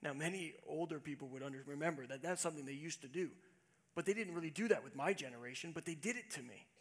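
A middle-aged man preaching a sermon built around a personal story, earnest, moving from hushed quiet passages to emphatic ones. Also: a little high, fast talker. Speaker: pastor.

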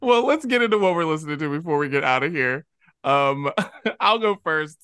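A man co-hosting a casual podcast, talking animatedly and acting out imagined people in quick asides. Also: on the high side, lively intonation, bright, forceful tone, clear, resonant tone, no echo, clean studio sound. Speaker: podcast co-host.

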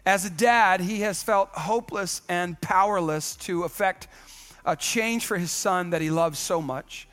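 A man preaching a sermon as pastor, lively and joking, calling out to the congregation. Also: high voice, measured pace.

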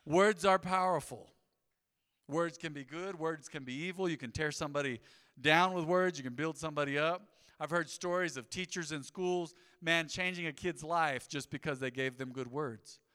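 Bright, high-pitched preaching man in a reverberant hall. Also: moderate pace, smooth. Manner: animated storytelling with rising emphasis. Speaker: pastor. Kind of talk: sermon. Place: church sanctuary. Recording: long hall reverb in a sanctuary.

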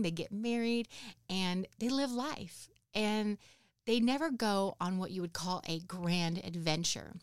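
A woman's voice: mid-range voice, smooth, no room sound, studio quality. A woman in her thirties hosting a podcast, talking in an earnest, encouraging way that rambles with restarts as she reflects on life. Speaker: podcast host. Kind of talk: reflective personal talk.

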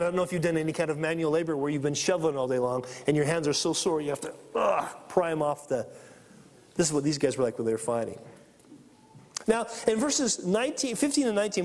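A man with a high voice preaches a sermon, reading scripture aloud and acting out the people in the story with animated energy. His voice rings out in a long, echoing hall reverb. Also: quick pace. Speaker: pastor.

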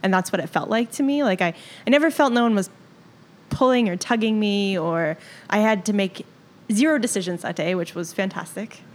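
Chatty young woman guest. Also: medium pitch. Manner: chatty, easygoing, quick to laugh. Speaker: guest, newlywed bride. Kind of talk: casual interview chat.

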